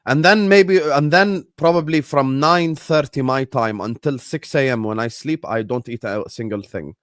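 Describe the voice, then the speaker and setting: A man's voice: medium pitch, normal speed, fairly bright tone, clear, resonant tone, no echo, clean studio sound. A non-native English-speaking man hosting a live stream, chatting loosely and answering viewers' messages as they come in. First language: not English. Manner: chatty, rambling, reads and answers live chat. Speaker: livestream host. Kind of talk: casual live-stream chat.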